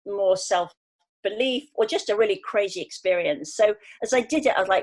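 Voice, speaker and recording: A woman in her fifties from England, speaking as a guest on a conversational podcast. She tells her stories in an animated way and brings the people she quotes to life in her voice. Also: medium pitch, moderate pace. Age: 50s.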